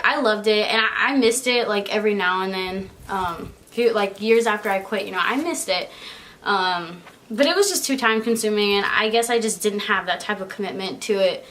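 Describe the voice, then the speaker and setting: A woman's voice: mid-range voice, a bit bright. A young woman vlogging in a casual, chatty way, giggling often and filling her talk with "like" and "um". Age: young adult. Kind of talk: casual chat.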